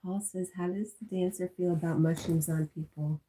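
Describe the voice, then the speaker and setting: A congested woman hosting a casual livestream, chatting and reading viewer comments aloud, often dropping to a soft whisper. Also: on the low side, steady tone, moderate pace. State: congested from allergies. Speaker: livestream host.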